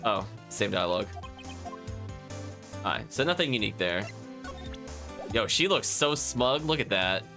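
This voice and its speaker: Animated, laughing male streamer. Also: lowish voice, unhurried, pauses often, music in the background. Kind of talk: casual let's-play commentary.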